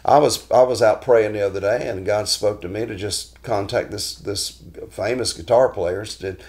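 Man, fairly low voice, folksy devotional host who rambles through stories. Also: moderate pace, a little mellow. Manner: folksy storytelling with frequent restarts. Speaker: guitarist hosting a weekly devotional talk. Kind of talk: informal devotional talk.

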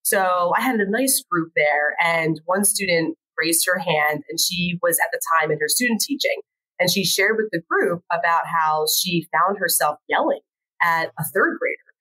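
A woman educator, a guest on a podcast, chats casually in a low-ish, breathy voice at normal speed over poor audio. She tells stories animatedly and acts out the voices of the people she quotes.

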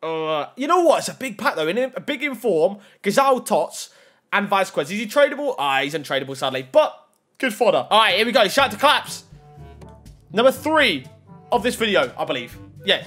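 A young man commentating on opening video game card packs, reacting loudly and excitedly to each card. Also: high-pitched, slightly rough. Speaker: gaming YouTuber.

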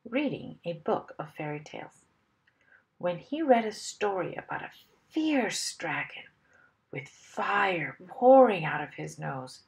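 Animated woman reading a children's story. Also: mid-range voice, vocal fry. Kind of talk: children's story read-aloud.

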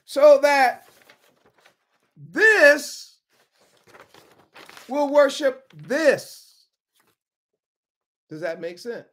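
Woman bible teacher, slow emphatic sermon delivery, a bit high-pitched, repeats her points and calls on folks. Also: big pitch swings, fairly bright tone. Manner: emphatic, repeats key words, talks to listeners by name.

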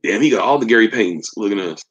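On a casual sneaker livestream, a young man reads out comments and teases his viewers in joking slang. He talks very fast and animatedly in a lowish, husky, fairly bright voice, and the sound is lo-fi.

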